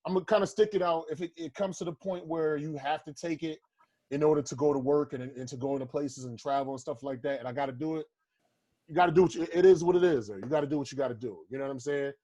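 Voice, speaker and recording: A man with a high speaking voice co-hosting a comedy podcast. He talks in a laid-back, casual way, joking and laughing often. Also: quick pace, warm tone. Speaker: podcast co-host. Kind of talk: casual chat.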